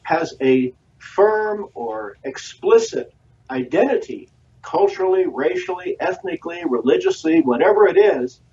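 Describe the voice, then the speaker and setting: A man speaking as a guest historian in a radio interview, delivering measured, lecturing answers full of long lists and "uh" pauses. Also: high voice, lively intonation, dark tone. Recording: distant, dull lo-fi radio audio.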